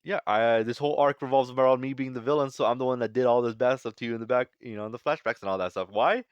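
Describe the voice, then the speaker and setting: A man's voice: mid-range voice, fast talker, clean tone, no echo, lo-fi sound, lightly acted. A man voicing a smug male villain in a mocking, offhand parody reading.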